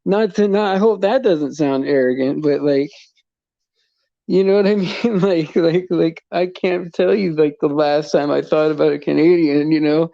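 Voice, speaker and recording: A man's voice: on the high side, steady tone, normal speed, creaky, dark tone, no room sound. A man from the United States rambling in casual livestream chat, full of fillers and restarts and chuckling often. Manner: chuckles often while talking. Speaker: livestream host. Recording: dull lo-fi sound.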